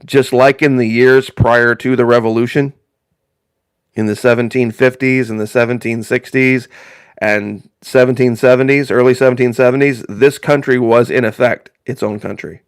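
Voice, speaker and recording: A man from northern Indiana talks casually to his live-stream viewers at a mid-range pitch. His delivery is folksy and rambling, and he doubles up phrases for emphasis. The sound is dry and close, with no room echo. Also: fairly even intonation, normal speed, clear, resonant tone.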